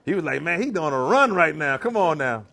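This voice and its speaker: A man's voice: fairly high pitch, big pitch swings, brisk, vocal fry, sharp tone. A man giving a vegan cooking demonstration to a live audience, calling out to the crowd like a preacher. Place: church hall kitchen.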